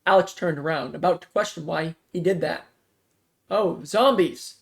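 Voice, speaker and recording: A man reading a fan-written zombie story aloud in a plain, quick manner, jumping louder for dialogue. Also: on the high side, steady tone, creaky. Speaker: story reader.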